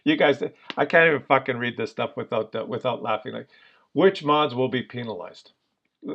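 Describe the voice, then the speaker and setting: A man's voice: mid-range voice, animated, fairly quick, fairly bright tone, lo-fi sound. A man giving casual commentary on a game, exasperated and ranting, with many fillers. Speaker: gaming commentator. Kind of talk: casual commentary over gameplay video.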